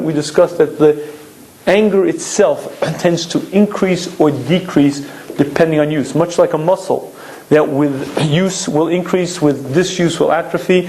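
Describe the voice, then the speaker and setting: A man giving a Torah lecture, who clears his throat often and acts out his stories with lively delivery. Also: a little high, slight background noise.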